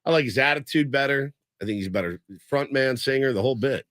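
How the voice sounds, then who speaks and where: Rambling storytelling radio host, dry sound. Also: male voice, mid-range voice, fast, a bit bright, dry recording. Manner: rambling storyteller, imitates people he quotes. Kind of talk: casual sports radio chat. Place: radio studio. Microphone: studio microphone.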